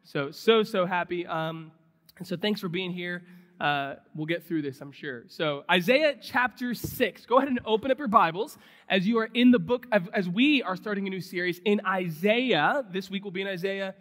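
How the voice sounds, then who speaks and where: Man pastor in his thirties, high voice, lively casual preaching, long church reverb. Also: normal speed. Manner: animated, conversational preaching. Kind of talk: sermon. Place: church sanctuary.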